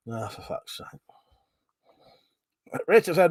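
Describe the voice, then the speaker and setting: A man's voice: fairly high pitch, expressive, normal speed, no room sound. A man hosting a livestream, chatting casually and reading viewer comments aloud, laughing often and swearing freely. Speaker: livestream host.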